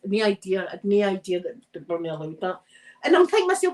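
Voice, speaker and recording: A woman's voice: medium pitch, very animated, fast, darkish tone, low-quality recording. A Scottish woman chatting on a live stream while she irons, telling rambling stories and laughing often. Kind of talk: casual chat while ironing.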